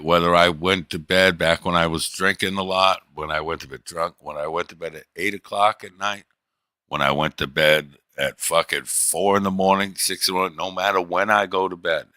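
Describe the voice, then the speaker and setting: Low-voiced man swearing through a rambling story. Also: bright, forceful tone, no room sound. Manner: profane, rambling, loose. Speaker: livestreamer. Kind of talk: casual storytelling to chat.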